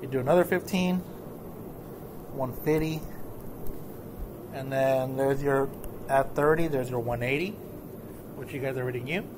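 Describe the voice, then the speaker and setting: A male math teacher giving a recorded lesson in a casual, relaxed way, often checking in with the class. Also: medium pitch, unhurried, pauses often, noisy background. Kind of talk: recorded lesson walking through notes.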